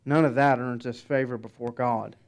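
A pastor preaching a sermon, emphatic, with dramatic soft pauses. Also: male voice, medium pitch, steady tone.

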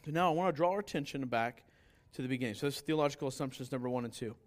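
A man preaching a sermon in a conversational way, telling stories and acting out their characters. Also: rapid-fire. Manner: conversational preaching with anecdotes and restarts; acts out story characters with sudden higher pitch. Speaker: pastor.

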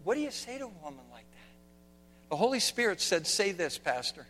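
A man preaching a sermon, swinging from hushed, quiet lines to loud, shouted ones. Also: high voice, sing-song, normal speed. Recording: long reverb of a hall, faint hum.

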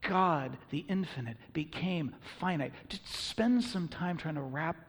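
A pastor preaching with earnest emphasis, his voice slightly husky and pitched a little high for a man. His words ring out with a long reverb, as in a large church hall. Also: a little slow. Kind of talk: sermon.

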